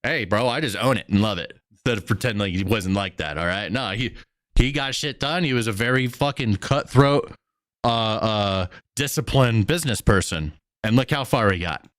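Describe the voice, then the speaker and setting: A young adult man hosting a casual stream, reacting to clips in a slangy, excitable way with plenty of swearing. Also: on the low side, normal speed, no echo, clean studio sound. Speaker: streamer host. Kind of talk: casual political commentary stream.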